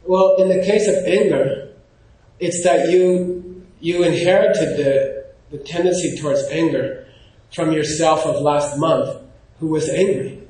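A man giving an informal, animated lecture, often pausing to check in with his class. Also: fairly high pitch. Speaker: teacher. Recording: very echoey room.

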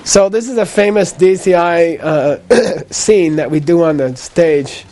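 Mellow-voiced man teaching a class. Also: fairly high pitch, unhurried. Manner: repetitive, checks in with "okay?" after each point; patient explaining with a light laugh. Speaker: Buddhist teacher. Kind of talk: live lecture to a class.

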